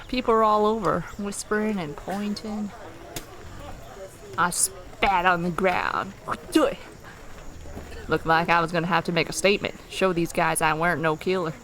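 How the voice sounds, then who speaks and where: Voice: mid-range voice, a bit bright, a little hiss or hum. A streamer reading a western story game aloud, with playful asides.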